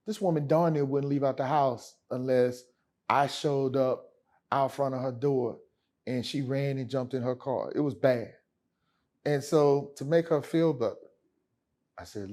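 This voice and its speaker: A man's voice: mid-range voice, a little slow, a little mellow. A man speaking as a lawyer guest in a casual interview, telling stories in an emphatic, slangy way. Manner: emphatic, slangy, addresses host as man and brother.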